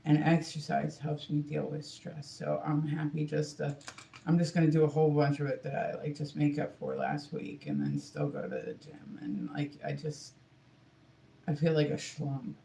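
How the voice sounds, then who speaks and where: Chatty high-voiced man livestreaming. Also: moderate pace, gravelly, warm tone, slight background noise. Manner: chatty, rambling, frequent "like". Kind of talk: casual livestream chat. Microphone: phone.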